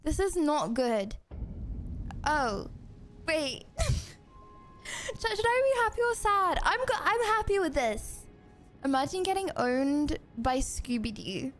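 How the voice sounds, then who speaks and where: High, lively young woman streamer. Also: takes it slowly, pauses often, soft background music. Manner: excitable, chatty, talks to chat, sudden yelps. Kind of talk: live gameplay commentary.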